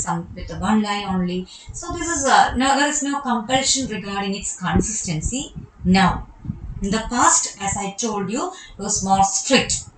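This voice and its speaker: A woman's voice: on the high side, a bit bright, reverberant, a little hiss or hum, low-quality recording. A woman with a Malayali accent teaching a poetry lesson, explaining step by step and repeating key terms. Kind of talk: recorded online lecture on poetry.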